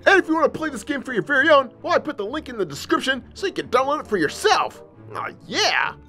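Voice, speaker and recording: A giddy male puppet gamer, as a performer puts him on, hosting game play for kids in a bouncy voice that swoops up and down. He giggles between lines and fills the action with boom and beep noises. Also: very animated, quick pace, soft background music, full character voice. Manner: giggling, shouting sound effects like boom and beep. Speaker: host.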